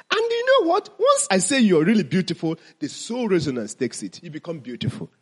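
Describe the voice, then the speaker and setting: A man's voice: high-pitched, wildly swooping pitch, brisk, few pauses, husky. A man teaching mindfulness to an audience, asking them questions and then answering them himself.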